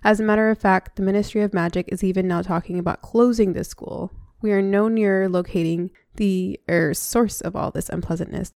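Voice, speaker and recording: A woman reading aloud as a kindly old male wizard headmaster who speaks gently and sympathetically. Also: mid-range voice, steady tone, brisk, hardly any pauses, no echo, studio quality, natural voice.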